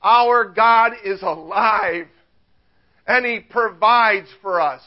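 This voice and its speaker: An older male preacher giving a sermon, lively and chuckling at his own stories. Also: high-pitched, slow, lo-fi sound. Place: church.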